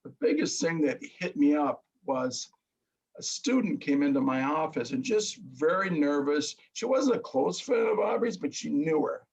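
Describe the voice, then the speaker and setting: A middle-aged man telling his story earnestly in casual chat, halting and restarting. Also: on the high side, lively intonation, creaky, husky, low-quality recording. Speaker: guest.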